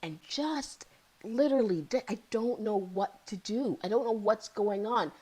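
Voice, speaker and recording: On a low-quality recording, a woman from Ontario, Canada, aged around thirty to forty-something, speaks in a husky, darkish, medium-pitched voice, a bit slowly. She's a psychotherapist guest recounting her personal story with candor and emotion, frequently repeating key phrases.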